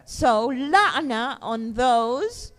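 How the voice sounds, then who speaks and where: A middle-aged woman teaches a class of young children in a high, bright voice. She is animated, keeps asking the children questions and answers them herself. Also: drawn-out words. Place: mosque classroom.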